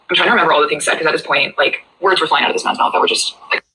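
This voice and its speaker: Rapid-talking young woman. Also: deep voice, bright, forceful tone, husky, low-quality recording. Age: young adult. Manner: rambling, hesitant, full of "like". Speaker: storyteller in a played clip. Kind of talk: personal storytelling.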